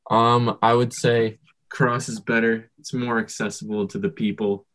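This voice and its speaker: A man in a casual chat, speaking hesitantly and haltingly, with many ums while he makes his case. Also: lowish voice, level tone, a bit bright.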